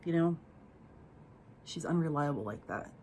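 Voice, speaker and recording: A woman's voice: sits low, lively intonation, measured pace, a little mellow, a little hiss or hum. A young woman telling a candid personal story on her vlog, profane and emotional, rambling with fillers.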